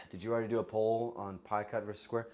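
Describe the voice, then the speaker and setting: A livestreamer with a voice going hoarse, joking crudely with chat and bursting into yelling. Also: medium pitch, level tone, fairly quick. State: voice getting hoarse. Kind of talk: casual livestream chat with viewers.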